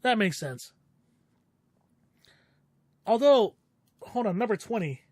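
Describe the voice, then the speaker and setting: A man's voice: sits high, sing-song, takes it slowly, a little mellow, dry recording. A man streaming a game, chatting casually as he thinks aloud and swears now and then. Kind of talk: casual game playthrough commentary.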